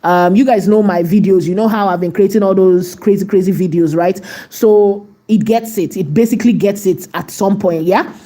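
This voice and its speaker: Her voice is mid-range and mellow, and she keeps a moderate pace. She's the host of a live AI video tutorial, walking through steps while chatting with viewers and the chat and often tossing in "right?"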